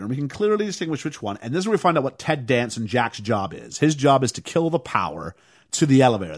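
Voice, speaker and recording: A man casually recapping a movie on a podcast, telling it with lively energy and acting out lines in high voices. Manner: animated storytelling, acts out quotes in raised voices.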